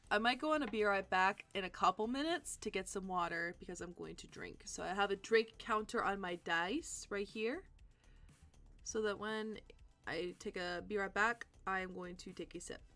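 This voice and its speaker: A woman's voice: medium pitch, moderate pace, pushed and bright, faint music behind. Tired, chatty woman streamer. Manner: chatty, thinks aloud, answers chat. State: tired and sleepy. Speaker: livestream host. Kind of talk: casual stream chat, reading viewer comments.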